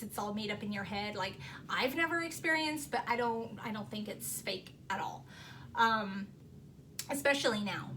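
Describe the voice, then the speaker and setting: A woman vlogger telling a personal ghost story in a casual, animated, rambling way, full of "like" and restarts. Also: fairly high pitch, a little hiss or hum.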